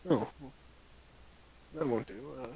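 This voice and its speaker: A man doing a soft-spoken male shop worker. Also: medium pitch, a little slow, lightly acted, poor audio. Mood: mild. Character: mild male shop worker, quietly curious.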